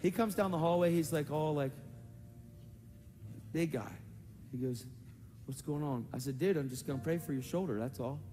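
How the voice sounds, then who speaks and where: A man preaching at a conference, telling testimonies in an animated storytelling manner and acting out other people's voices. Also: normal speed, pauses often, slight background noise. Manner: animated storytelling, acts out voices with big pitch jumps. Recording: hall reverb with faint music.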